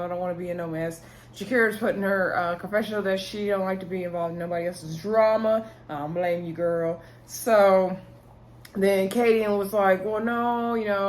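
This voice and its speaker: A woman's voice: mid-range voice, a little hiss or hum. A woman casually recapping a reality dating show, chatty and opinionated, retelling scenes in her own words.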